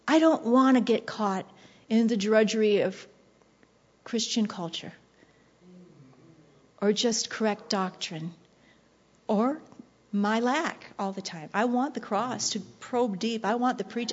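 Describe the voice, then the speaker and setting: A woman preaching with passion, slipping into hushed whispers and then surging with intensity. Her voice sits on the high side and the recording sounds dull and lo-fi. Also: measured pace, pauses often, slightly rough. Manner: passionate, shifting between soft whispers and bursts of intensity. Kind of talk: devotional sermon.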